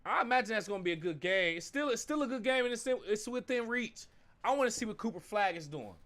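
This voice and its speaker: A young man runs a casual live stream, calling the game as he watches it. His voice sits high and swoops all over the place. He drops from muttered asides into full shouts, and he says "fam" and "bro" a lot. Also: fast talker. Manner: excitable, swings from mumbling asides to shouting at the game; uses slang like fam and bro. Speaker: live-stream sports watch-along host.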